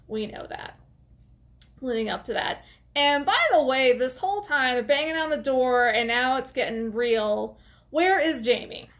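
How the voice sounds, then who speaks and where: A woman's voice: a little high, fairly bright tone. A young adult woman recapping a movie in a casual, chatty way with sarcastic asides, recorded at home on a desk camera. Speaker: movie reviewer. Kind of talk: casual video review.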